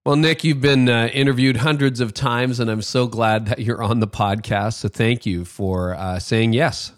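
A man's voice: medium pitch, steady tone, moderate pace, dry recording, studio quality. A man hosting a podcast, reading an ad and interviewing a guest in an upbeat, chatty way with casual fillers. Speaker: podcast host.

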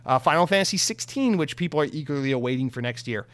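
A man's voice: on the high side, lively intonation, fast, a bit bright, no echo. A young man giving casual, heated gaming news commentary, swearing freely and mocking companies in sarcastic voices.

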